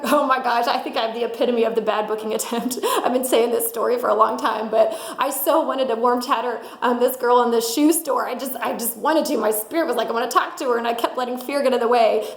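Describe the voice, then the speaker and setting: High, lively motivational woman speaker. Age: middle-aged. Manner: energetic, laughs often, acts out quotes. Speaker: sales director giving a mindset talk. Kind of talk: motivational talk. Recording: roomy echo.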